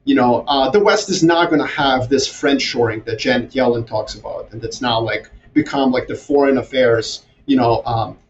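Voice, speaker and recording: A man's voice: medium pitch, moderate pace, few pauses. Sarcastic man on a distant, muffled line. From Europe and the Middle East. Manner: sarcastic, animated, mocking asides. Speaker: guest strategist. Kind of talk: casual podcast conversation. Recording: distant, dull, slightly noisy remote audio.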